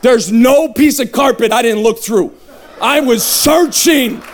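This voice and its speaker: Evangelist, male, 30s, high pitch, punchy comic testimony with shouted peaks. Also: unhurried, a faint crowd. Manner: emphatic, humorous, shouting at peaks. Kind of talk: testimony sermon. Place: revival tent.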